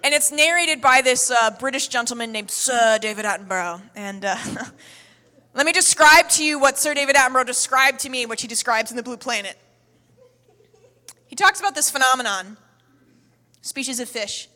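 A woman preacher giving a sermon with energetic, humorous, emphatic storytelling. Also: high-pitched, normal speed. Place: church hall. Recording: echoey hall.

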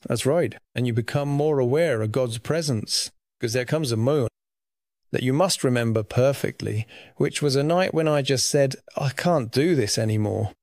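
A man's voice: medium pitch, normal speed, darkish tone, no echo, studio quality. A man earnestly telling his personal faith testimony about receiving a lung transplant, in a reflective storytelling manner.

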